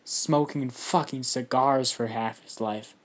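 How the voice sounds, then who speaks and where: A man's voice: medium pitch, steady tone, slow. A man casually improvising a fan story, rambling with lots of fillers and heavy swearing.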